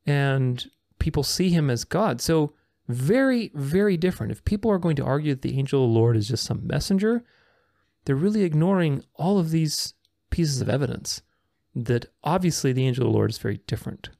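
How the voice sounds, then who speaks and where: Guy doing a bible lesson, fairly high voice with a gravelly edge, dry sound, leans hard on key words. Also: expressive, fairly quick, warm tone, no room sound. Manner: emphatic, repeats words for stress, reads verses aloud. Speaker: bible teacher. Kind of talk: scripture teaching.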